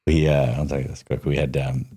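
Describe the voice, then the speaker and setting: A man's voice: a bass voice, flat delivery, brisk, mellow, breathy edge. A man talking as a podcast guest, telling stories in a loose, casual way, full of "like" and the odd swear. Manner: loose, frequent "like", swears freely. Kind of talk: casual storytelling.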